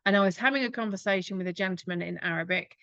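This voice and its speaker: A woman's voice: mid-range voice, rapid-fire, a bit bright. Earnest woman asking rhetorical questions. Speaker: speaker. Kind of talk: reflective talk to an audience. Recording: dull lo-fi recording.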